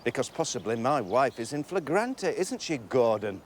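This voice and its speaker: A man's voice: medium pitch, very animated, moderate pace, a little hiss or hum, close to an everyday voice. An actor playing a pedantic, fussy middle-aged businessman in a stage play. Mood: bitter.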